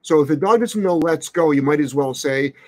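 A man's voice: a little high, brisk, a little mellow, dry recording. Blunt, brash man on a dry mic. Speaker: dog trainer, show host. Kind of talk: live-stream Q&A.

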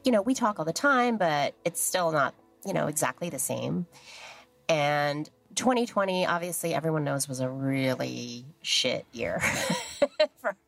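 A woman in her thirties telling family stories in a lively, casual way, acting out the voices of the people she quotes. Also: deep voice, normal speed, vocal fry, faint music behind. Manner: animated, acts out quoted voices, laughs often. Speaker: guest. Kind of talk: casual storytelling.

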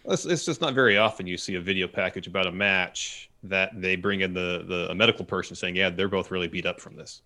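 Deep, gravelly, fast-talking man. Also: bright, forceful tone. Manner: adds details and agrees briefly. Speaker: podcast co-host. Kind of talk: casual recap chat.

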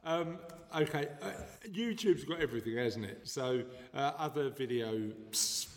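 A man's voice: medium pitch, unhurried. A man hosting a podcast in casual chat. He talks in a playful, jokey way and tries out silly voices. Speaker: podcast host. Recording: long reverb, faint noise.

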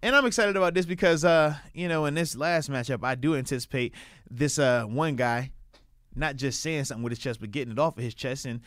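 A man's voice: medium pitch, fairly quick, a bit bright, no echo, clean studio sound. A man co-hosting a casual sports podcast, talking in an emphatic, hyped and playful way, stretching words for effect.

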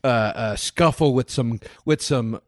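A man's voice: mid-range voice, measured pace, a little mellow, dry recording. A man co-hosting a podcast, chatting casually about a movie, rambling with stammered restarts and dry storytelling. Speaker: podcast co-host. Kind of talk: casual movie review chat.

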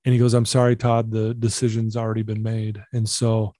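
A man's voice: lowish voice, completely flat delivery, a little fast, warm tone, no room sound, clean studio sound. A middle-aged man, a guest in a conversation, earnestly telling a personal story and repeating himself for emphasis.

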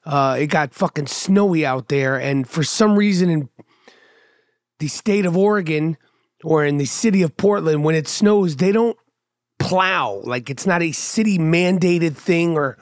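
A man's voice: a little high, lively intonation, a little slow, no echo. Middle-aged male podcast host, loose profane monologue with a sardonic edge, dry close sound. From New York. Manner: profane, sardonic rambling with restarts. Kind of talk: casual monologue.

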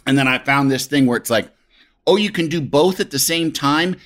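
A man's voice: medium pitch, moderate pace, a bit bright. A middle-aged man hosting a podcast in casual chat, rambling with many restarts. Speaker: podcast host.

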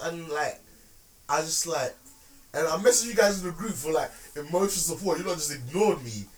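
Animated man telling stories. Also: on the high side, fairly quick, recorded from a distance. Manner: animated, slangy storytelling with frequent restarts. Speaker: podcast co-host. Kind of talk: casual chat.

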